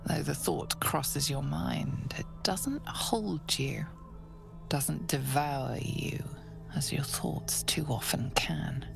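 An actress voicing a calm, intimate female game narrator, speaking slowly in a whispered role-play style. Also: deep voice, creaky, exaggerated voice. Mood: soothing. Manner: slow, soothing whisper. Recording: game music behind the voice.

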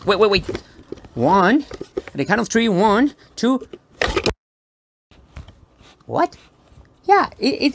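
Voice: mid-range voice, gravelly, slight background noise. A children's performer telling a playful story straight to a young audience, teasing them and building suspense. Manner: teasing, makes a show of suspense; talks directly to an unseen audience.

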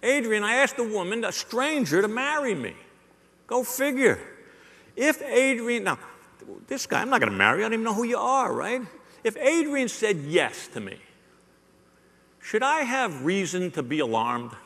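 Lively middle-aged man giving a sales keynote. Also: high voice, normal speed. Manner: animated, joking, rhetorical, works the audience. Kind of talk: live motivational keynote. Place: large hall with a live audience. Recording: long hall reverb.

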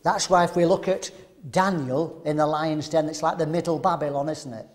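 Animated preacher, high voice. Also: male voice, normal speed. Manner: animated, rhetorical questions to the audience. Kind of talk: sermon at a men's seminar.

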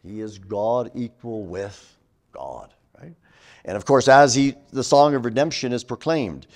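A man's voice: mid-range voice, normal speed. A middle-aged man giving a classroom theology lecture, teaching with emphasis and often checking in with "right?". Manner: animated teaching with frequent "right?" tags.

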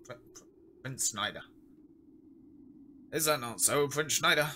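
A man voicing a pompous, scheming stage king in theatrical old-fashioned English, slightly higher than his own voice. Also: unhurried, pushed and bright, a little hiss or hum. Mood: commanding. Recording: game music underneath.

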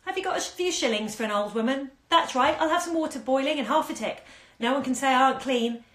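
A woman voicing a greedy old crone who croaks and wheedles, mocking the girl she is cheating. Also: high voice, fast talker, a bit bright, echoey room, voice pushed up. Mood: wheedling.

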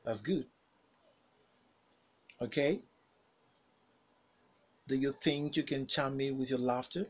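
A man teaching phonics, saying single words and sentences slowly and carefully for learners to repeat. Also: mid-range voice, slightly rough, lo-fi sound. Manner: slow, carefully enunciated single words with pauses for repetition. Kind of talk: pronunciation drill lesson.

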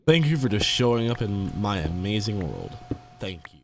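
Low-voiced young man narrating a game. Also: big pitch swings, normal speed, a little hiss or hum. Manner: playful, talks to game creatures. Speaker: gamer. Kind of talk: casual gameplay commentary.

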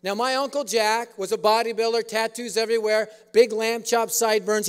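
A man's voice: high-pitched, little pitch movement, brisk, clear, resonant tone. A man preaching a sermon in an auditorium, telling a story with humor. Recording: echoey auditorium.

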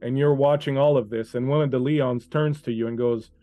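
A man running a tabletop game as game master, narrating scenes to a player in an unhurried, second-person way over an online call. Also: medium pitch, fairly even intonation, no echo, muffled recording.

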